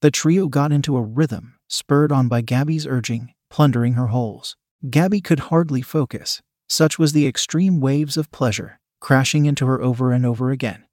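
Male narrator, steady read-aloud, mid-pitched, dry close sound. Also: normal speed, no echo. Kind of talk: scripted narration of an adult story.

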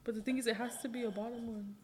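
A woman's voice: a little high, fairly even intonation, racing, a little hiss or hum. A young woman in casual chat, teasing and swearing freely while doing a puzzle.

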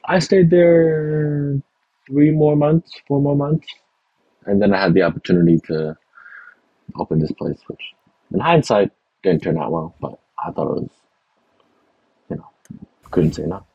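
Young chef from Texas, low gravel-free husky voice, animated storyteller, dry muffled sound. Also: male voice, measured pace, pauses often, no room sound. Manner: animated anecdotes with acted quotes, many fillers. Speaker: chef guest. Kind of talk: casual storytelling.

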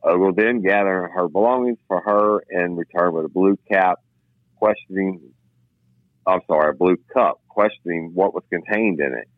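A man's voice: low-pitched, moderate pace, no echo. A man, a former police officer co-hosting a crime news show, reading a story aloud and then telling blunt personal stories in casual chat. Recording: tinny phone-like line, dry.

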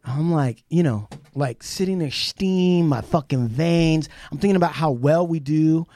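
Guy host venting on a podcast, high lively voice, cusses a lot, dry sound. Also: unhurried, no room sound. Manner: profane, heated, storytelling. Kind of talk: casual podcast chat.

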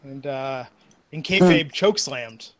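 A man's voice: medium pitch, a little slow, crowd noise. A man co-hosting a wrestling podcast, talking hesitantly with many ums. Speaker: podcast co-host. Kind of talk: casual wrestling chat.

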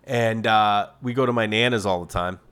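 With a lowish, clean-toned voice at normal speed, this middle-aged man hosts a podcast. Hailing from Massachusetts, he tells stories in a funny, relaxed monologue full of animated, exaggerated impressions of the people he quotes.

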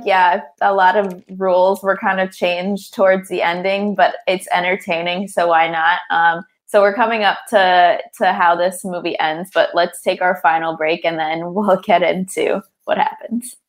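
A woman's voice: fairly low pitch, fairly even intonation, normal speed, hardly any pauses. A young woman co-hosting a podcast who chats and giggles her way through a movie recap, with many fillers. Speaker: podcast co-host. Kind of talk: casual movie recap chat.

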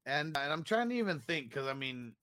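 A man's voice: fairly high pitch, very animated, fairly quick, sharp tone, dry recording. A man hosting a casual chat show, upbeat and laughing often as he talks to listeners about a bracket. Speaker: podcast host.

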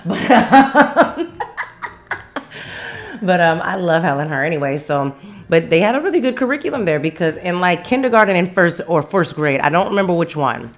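Low-voiced woman hosting a chatty podcast. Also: sing-song, moderate pace. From Las Vegas, Nevada. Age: 30s. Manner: chatty, laughs often, rambling asides. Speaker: podcast host. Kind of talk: casual solo podcast chat. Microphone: studio mic on camera.

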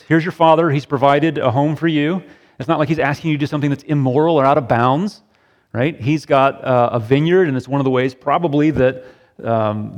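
Middle-aged man, pastor, conversational group sermon, keeps asking "right?", medium pitch, long hall reverb. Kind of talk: interactive sermon discussion.

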